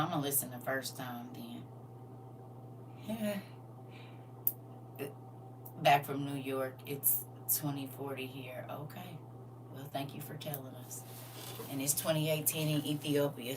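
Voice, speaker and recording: A middle-aged woman with a low voice chats casually with her viewers from home, greeting them by name and laughing often. She sits a little back from the microphone. A faint hum runs under the recording. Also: moderate pace. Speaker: livestream host. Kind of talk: casual morning livestream chat. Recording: slightly distant mic with faint hum.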